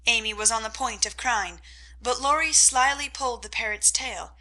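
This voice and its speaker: A woman reading a classic novel aloud as audiobook narrator, in a clear storytelling manner. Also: on the high side, normal speed, bright, forceful tone, rough recording. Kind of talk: scripted narration.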